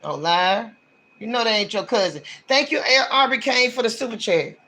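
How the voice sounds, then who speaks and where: Very high bright-voiced guy doing a tarot reading on a stream, blunt and slangy, rants a lot. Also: animated, normal speed. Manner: blunt, ranting, slangy and emphatic. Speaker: tarot reader. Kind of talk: casual livestream tarot reading.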